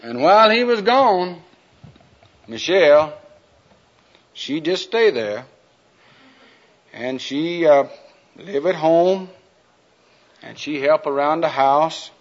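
Slow, folksy man preaching. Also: a little high, animated. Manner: folksy, drawn-out storytelling. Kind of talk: sermon with a humorous story. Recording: dull lo-fi recording.

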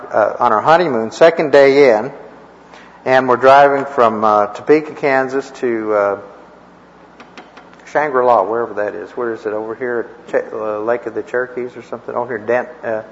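A man's voice: medium pitch, normal speed. A man teaching a church class in a rambling, folksy way, with chuckling asides and homespun stories. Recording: echoey, dull lo-fi room recording.

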